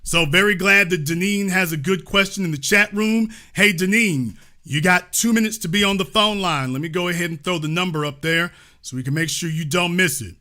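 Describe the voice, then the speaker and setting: A man's voice: sits high, brisk, pushed and bright. A man hosting a call-in show, talking in a mocking, insulting way and repeating his jabs. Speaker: show host. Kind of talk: call-in show arguing with a caller.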